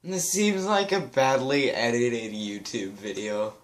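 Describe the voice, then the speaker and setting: Slow low-voiced woman gamer. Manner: casual, giggly, playful. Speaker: gamer playing through the game. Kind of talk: let's-play commentary.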